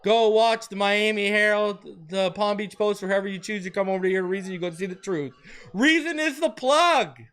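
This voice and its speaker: A man hosts a live draft reaction stream with a high, smooth, clear voice. He talks excitedly and repeats his cheers, hyping every pick as it comes in. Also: brisk, hardly any pauses. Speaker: host of a sports fan channel.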